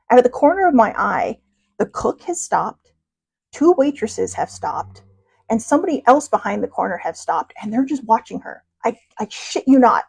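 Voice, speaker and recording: Chatty woman with a gravelly, husky voice. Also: fairly high pitch, a little mellow. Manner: chatty, laughing, self-deprecating. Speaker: podcast host. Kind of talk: casual storytelling.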